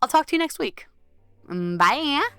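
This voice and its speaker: A woman hosting her own podcast in a casual solo talk, gushing and animated, acting out little inner voices and swearing casually. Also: high voice, unhurried, soft background music. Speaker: podcast host.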